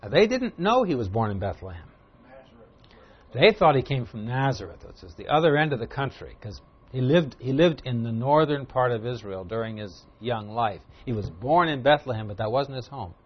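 A man preaches an expository sermon in an easy, conversational teaching manner. His voice sits at an ordinary middle pitch and climbs louder when he stresses a point. The recording is dull and lo-fi. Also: sing-song, normal speed, slightly rough. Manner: conversational Bible teaching, rising loud for emphasis. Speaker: pastor.

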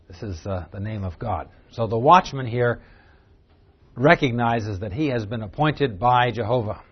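A man teaching a Bible class in a mid-pitched voice. He explains the text, dropping to low asides and rising again when he reads. The recording is dull and lo-fi. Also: measured pace, husky. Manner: explanatory, shifts between a low aside and a raised reading voice.

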